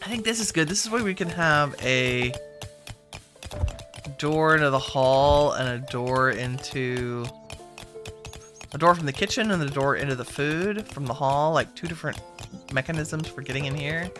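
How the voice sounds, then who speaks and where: A woman's voice: sits low, moderate pace, over music. A woman giving casual gameplay commentary, chatty and talking to her game characters as she plays. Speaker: game streamer.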